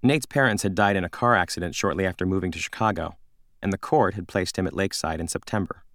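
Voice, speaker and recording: Man, audiobook narrator, calm measured reading, low, dry. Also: no room sound. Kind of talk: scripted narration.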